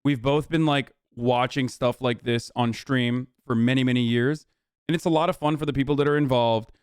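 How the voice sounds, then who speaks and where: Smooth-voiced man rambling casually. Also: mid-range voice, steady tone, moderate pace, no room sound, studio quality. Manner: rambling, profane, many restarts. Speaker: streamer. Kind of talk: casual chat.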